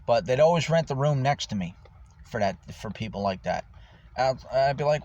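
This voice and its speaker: A man's voice: medium pitch, lively intonation, moderate pace, a little mellow. A man who is homeless, talking casually to the camera in a rambling, profane way about his life. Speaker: homeless vlogger. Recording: dull lo-fi with faint noise.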